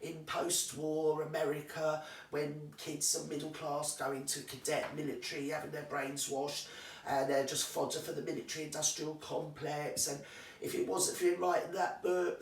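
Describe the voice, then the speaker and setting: A woman telling a rambling comic story in a chatty manner with deadpan asides. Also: sits low, reverberant, far from the mic.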